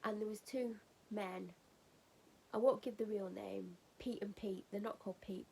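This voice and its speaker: A woman's voice: medium pitch, gravelly, dark tone, a little hiss or hum, poor audio. A woman vlogging at home while getting ready for bed, telling a rambling funny story in a casual chatty way and laughing at it.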